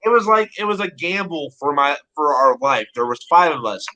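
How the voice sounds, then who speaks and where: Swearing, storytelling man with a bright voice. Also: a little high, expressive, moderate pace, rough recording. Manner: blunt, heavy swearing, rambling anecdotes. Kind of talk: casual profane chat, storytelling.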